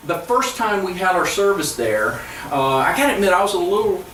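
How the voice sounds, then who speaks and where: A man's voice, a little high for a man, comes from some distance in an echoey church hall. He is a pastor giving an earnest presentation to fellow church leaders, telling stories with frequent halting restarts. A faint hum of room ambience sits behind him. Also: big pitch swings, fairly bright tone.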